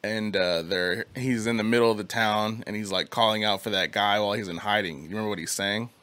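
A young man co-hosting a podcast, talking in a loose, slangy way and swearing freely. His voice sits fairly low but has a bright, forward edge, and the recording is dry and close with no room sound. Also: steady tone, fairly quick, dry recording. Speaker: podcast host. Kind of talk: casual chat.

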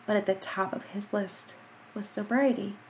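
A woman hosting a personal podcast speaks earnestly into a studio microphone, tearful and fighting back crying, heartfelt and repeating herself. Her mid-range voice is fairly even at a moderate pace, on a low-quality recording with some hiss or hum.

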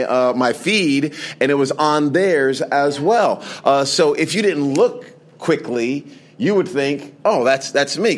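A male pastor giving a conversational sermon that builds to emphatic preaching before a congregation. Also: medium pitch. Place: large hall with a congregation. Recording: crowd audible in a large hall. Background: congregation responding.

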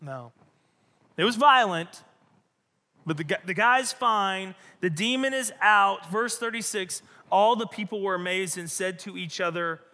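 An animated male pastor preaches in a high, bright, forceful voice. He is emphatic and often repeats himself, and his words ring with a long reverb through a large hall. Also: a little slow. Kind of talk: sermon.

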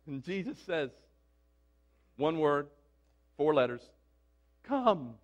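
A man's voice: high-pitched, expressive, moderate pace, fairly bright tone. A man preaching a sermon in an emphatic, conversational way, often asking his listeners questions.

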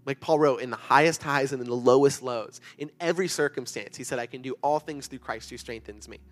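A man's voice: mid-range voice, a little fast. A young man preaching to a youth group in a church room, earnest and conversational, with many fillers. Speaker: youth pastor. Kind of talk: sermon to students.

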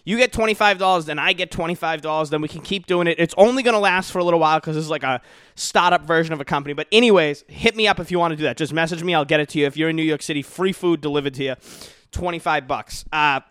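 A brash young man rants loosely on his solo podcast, swearing freely and tossing in "dude" and "okay" all the time. His voice sits a bit high for a man, and the sound is dry and close with no room around it. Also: a bit bright, clean tone, no room sound. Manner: profane, brash, rambling, says dude and okay a lot. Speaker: comedian podcast host. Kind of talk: casual solo podcast rant. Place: his own home.

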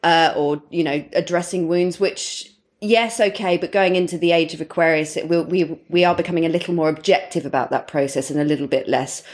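A woman with a fairly low voice co-hosts a relaxed astrology podcast. She rambles through her ideas in a loose, chatty way and laughs often between thoughts. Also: brisk. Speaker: podcast co-host. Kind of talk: casual astrology chat.

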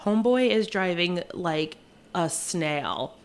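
A young woman, a flight attendant, telling a rushed travel story in casual chat, acting out quotes and laughing often. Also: lowish voice, lively intonation, clear, resonant tone.

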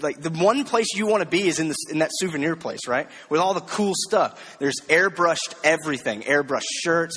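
A man with a slightly high voice preaches in a casual, conversational way. He keeps checking in with the crowd with quick rhetorical questions and drops in easy self-deprecating jokes. His voice rings out with the long reverb of a big hall. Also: fairly bright tone, breathy edge. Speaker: preacher teaching a series. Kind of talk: conversational sermon.

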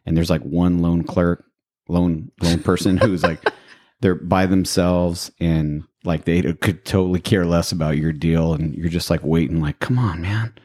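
A man with a very deep voice chats casually as a podcast co-host. His tone is dark and mellow, and he rambles along in a laid-back way. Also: level tone, a little slow.

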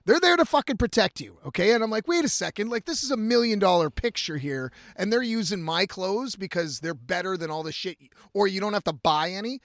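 High-pitched male storyteller, cusses freely, animated, acts out every quote. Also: brisk, few pauses, dry recording, studio quality. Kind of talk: profane casual storytelling.

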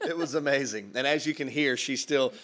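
A man's voice: mid-range voice, brisk, a bit bright. A man hosting a casual podcast from his home office, upbeat and rambling, often breaking into laughter. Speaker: podcast host and pastor. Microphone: studio mic with headphones.

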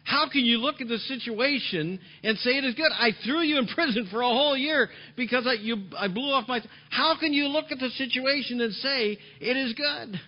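A man's voice: high-pitched, normal speed. A man voicing an outraged ancient king who exclaims in disbelief, on a dull lo-fi recording. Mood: incredulous. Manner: incredulous, exclaiming.

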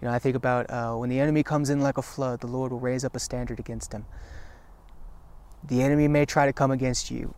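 Man, devotional talk, earnest and encouraging, mid-pitched voice, repeats key phrases, halting restarts. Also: a little mellow. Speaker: Christian video teacher.

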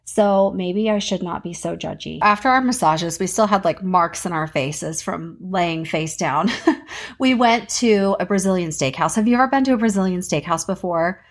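A woman in her thirties, hosting a podcast, chats casually about her week at normal speed. She has an animated storytelling style, and her voice jumps up in pitch when she's excited.

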